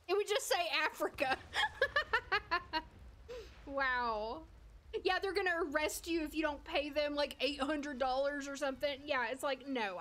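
A woman's voice: high voice, a bit bright. A woman from the United States streaming a life-sim game, chatting casually with viewers and talking to the characters.

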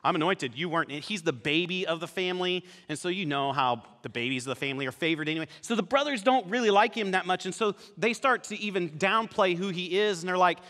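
Bright-voiced male pastor preaching. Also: sits high, fast, few pauses, long reverb tail. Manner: casual storytelling, animated. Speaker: campus pastor. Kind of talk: sermon. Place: church sanctuary.

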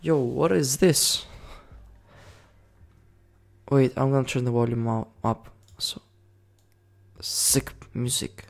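A man chatting through a video game in loose, rambling commentary. He giggles often and swears freely, in a voice of ordinary middle pitch. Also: takes it slowly, creaky, pauses often. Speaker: gaming video creator.

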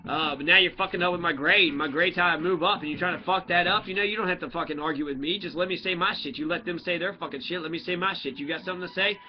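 A man's voice: sits high, fast, hardly any pauses. A man who is a student, in a profane, heated and confrontational ranting monologue. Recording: dull lo-fi audio with faint music.

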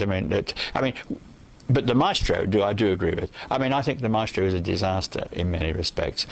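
A man's voice: on the low side, rough recording. A man answering as a guest in an interview, reflective and opinionated, thinking his points through aloud. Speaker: guest poet.

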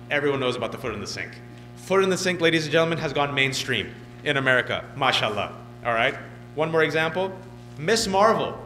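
Male keynote speaker, 30s, animated storyteller who does impressions, voice a little high, faint music underneath. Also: rough recording. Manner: animated, joking storyteller who mimics others. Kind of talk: motivational speech. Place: event hall.

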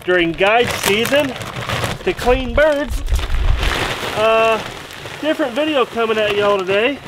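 Guy, high-ish voice, rambly folksy vlog outside, bit of faint noise behind. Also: animated, measured pace. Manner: folksy and rambling, talks to his pet duck. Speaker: duck-hunting guide and vlogger. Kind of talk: casual outdoor vlog. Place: outdoors on a rural property, near a shed.

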